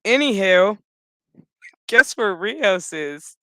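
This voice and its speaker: Male recap host, slow and foul-mouthed, with a bright, slightly high voice. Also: animated, clear, resonant tone, no room sound. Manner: profane, laughing, loose storytelling. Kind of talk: casual episode recap commentary.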